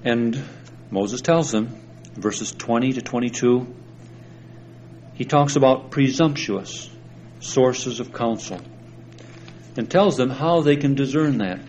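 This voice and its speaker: A man preaching a sermon, explaining scripture slowly and deliberately and stressing the verses he quotes. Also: medium pitch, a little mellow, slight background noise, rough recording. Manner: slow, deliberate Bible exposition with emphatic scripture quotes.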